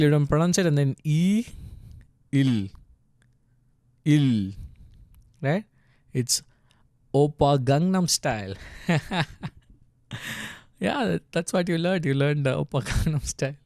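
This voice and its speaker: A man teaching how to read and type letters in a casual screen tutorial. He speaks haltingly, with many fillers and restarts, and chuckles now and then. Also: mid-range voice, darkish tone, smooth, no room sound, clean studio sound. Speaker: language tutor.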